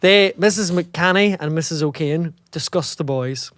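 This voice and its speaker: A man's voice: on the high side, unhurried, fairly bright tone, no room sound. Chatty Northern Irish man, dry sound. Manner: chatty, self-interrupting, laughing. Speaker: podcast host and writer. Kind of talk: reading stage directions, casual chat.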